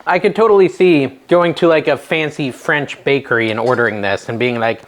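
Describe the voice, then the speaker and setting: A middle-aged man hosting a casual home cooking vlog, chatty and nervous, with a self-deprecating manner and sudden excited yelps. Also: medium pitch, fairly quick, few pauses. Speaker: cooking channel host. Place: home kitchen.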